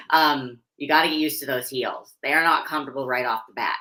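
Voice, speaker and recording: A woman's voice: a bass voice, normal speed, sharp tone, poor audio. A young adult woman from Pennsylvania, chatting candidly as an interview guest and laughing easily. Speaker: interview guest, figure competitor and posing coach. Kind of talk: casual interview chat.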